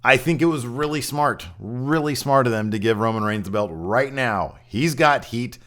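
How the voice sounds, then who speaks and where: A man's voice: medium pitch, normal speed, a bit bright. A man hosting a wrestling podcast, giving a blunt, opinionated recap in casual chat and swearing freely.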